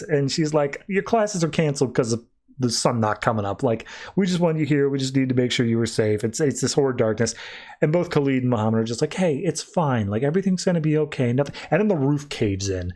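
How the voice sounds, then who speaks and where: A man's voice: medium pitch, fairly quick, a little mellow. A man hosting a podcast, retelling a comic's plot in a chatty way, with offhand "he's like" quotes. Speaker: podcast host. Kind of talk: casual comic book review.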